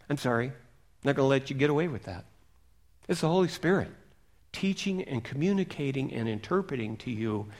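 High-voiced man preaching with emphasis. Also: vocal fry. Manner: emphatic, swings between loud readings and hushed asides. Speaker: pastor. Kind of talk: sermon with scripture reading.

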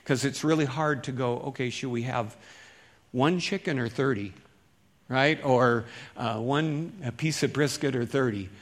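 A middle-aged man preaching a sermon as pastor, in a folksy, conversational way that swings between loud emphasis and quiet asides. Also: medium pitch, measured pace.

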